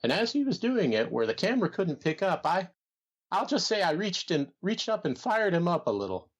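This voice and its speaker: A man doing an impression of a fussy, gossip-loving old male wrestling promoter who drawls slowly. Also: high voice, very animated. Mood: gossipy. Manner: slow, drawling, fond exclamations. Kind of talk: comedy podcast impression.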